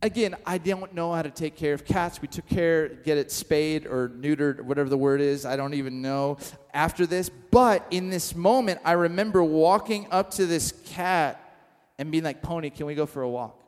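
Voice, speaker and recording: High-voiced pastor in an echoing hall. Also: male voice, normal speed. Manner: animated storyteller acting out dialogue, self-deprecating humor. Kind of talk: sermon with storytelling.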